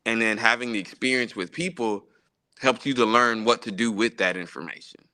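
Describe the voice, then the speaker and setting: A man with a low, bright, clear voice, chatting loosely as the guest in a live interview. He pauses, fills the gaps and starts his sentences over as he thinks. The sound is dry and close. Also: no room sound. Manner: relaxed, loose speech with many fillers and restarts. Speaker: guest musician, gospel pianist.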